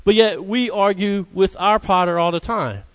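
A man's voice: high-pitched, normal speed, fairly bright tone. A man preaching a conversational sermon who keeps calling out "Amen?" to his listeners. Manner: conversational, calls out Amen to the congregation.

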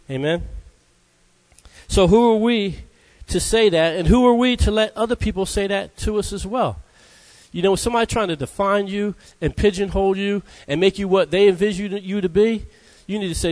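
Here the preacher has a high voice with a darkish tone and talks at normal speed. His sermon is conversational, and he often calls "Amen?" out to the congregation.

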